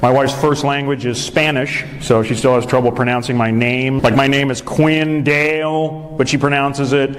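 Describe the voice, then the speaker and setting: A man doing a stand-up set with crowd work, delivering deadpan one-liners and teasing the audience from a club stage. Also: mid-range voice, normal speed, roomy sound, very noisy. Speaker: stand-up comedian. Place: comedy club stage before a live audience. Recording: live club recording with crowd laughter.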